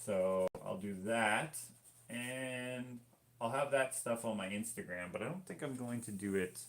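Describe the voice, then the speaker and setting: A man's voice: mid-range voice, measured pace. A man from Canada painting on a live stream, reading viewer comments aloud and chatting in a rambling, easygoing way that keeps interrupting itself.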